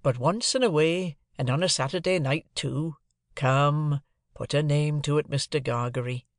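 A man reading an audiobook, voicing a secretive, sly stranger who asks slow, probing questions. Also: a little high, no room sound, clean studio sound, natural voice. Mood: coaxing. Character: secretive, sly middle-aged male stranger.

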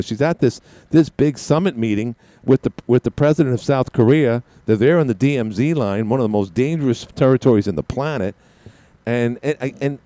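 A man's voice: mid-range voice, mellow, no room sound. An older man hosting a talk radio show, rambling and sarcastic, with many fillers and restarts. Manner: sarcastic, ranting. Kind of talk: casual political talk radio monologue.

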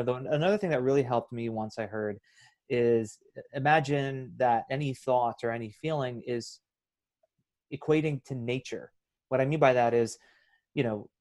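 A man in a podcast conversation, explaining mindfulness in a casual, playful way that turns soft and reflective. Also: medium pitch. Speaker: mindfulness guest.

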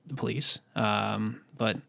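A man's voice: lowish voice, steady tone, takes it slowly, creaky, bright, forceful tone. A man co-hosting a podcast, chatting casually in a rambling, profane, joking way. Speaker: podcast co-host. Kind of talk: casual chat.

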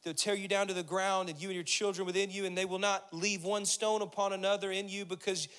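A man's voice: high-pitched, little pitch movement, fast, a bit bright, clean tone. A man preaching a sermon, repeating phrases for emphasis and building intensity as he reads and explains scripture. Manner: preaching with rising intensity, voicing Jesus' words. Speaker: pastor.

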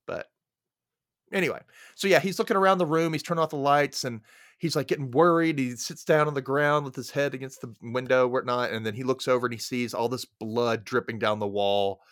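A man's voice: mid-range voice, fairly quick, no room sound, clean studio sound. A man hosting a podcast, recapping a movie in a casual, laid-back way and acting out the characters' lines. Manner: laid-back, acts out characters with sudden loud yelps. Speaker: podcast host.

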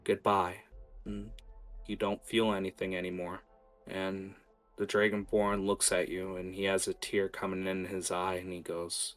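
A man narrating as game master of a tabletop game, quick and hesitant, with many fillers. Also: low-pitched, little pitch movement, faint music behind.

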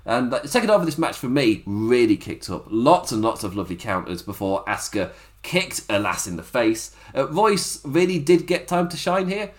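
Animated man rambling through a recap. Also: medium pitch, normal speed. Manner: chatty, rambling, laughs often, acts out quotes. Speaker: wrestling show reviewer. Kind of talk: casual spoken recap.

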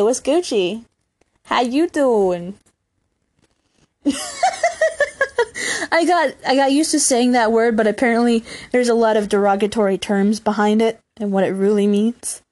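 A young adult woman hosts a casual solo podcast chat from a room at home, rambling and frequently laughing. Her youthful, girlish voice is mid-range and a little mellow.

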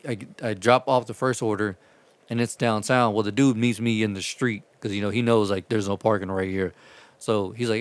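Guy, low voice, dry close sound, swearing storyteller. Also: no echo. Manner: profane, rambling, animated retelling. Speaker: delivery driver telling stories. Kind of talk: casual storytelling chat.

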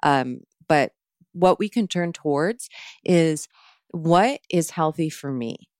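A low-pitched woman talks through a mindfulness practice in a relaxed podcast conversation. She is calm and earnest and walks through each step with plenty of fillers. The recording is close and dry. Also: slow, no room sound. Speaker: mindfulness teacher. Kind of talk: casual podcast chat.

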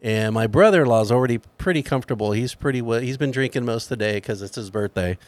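On a podcast, a middle-aged man relaxedly recounts a comic family tale and animates it by performing each quoted person. He speaks fast at a medium pitch, and the recording is dry.

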